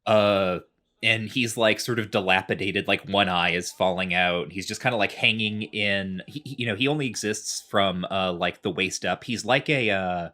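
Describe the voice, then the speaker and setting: A male podcast co-host chats casually, rambling through a game recap packed with fillers as he explains things in a chatty way. His pitch is fairly low, his tone sharp, and his speed normal.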